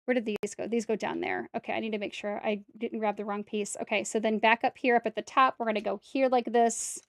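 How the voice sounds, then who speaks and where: A woman's voice: mid-range voice, fairly even intonation, brisk, vocal fry, a bit bright, no room sound, studio quality. A woman streaming herself building a brick set, chatting casually to viewers and talking to herself as she corrects mistakes. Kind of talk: casual step-by-step build commentary.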